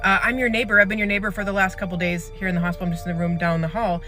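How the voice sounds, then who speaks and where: Over a clear music bed, a speaker casually recounts a parent's eerie hospital story, rambling with fillers and acting out the quoted dialogue. The voice is medium-pitched and fairly flat, delivered rapid-fire with a sharp tone.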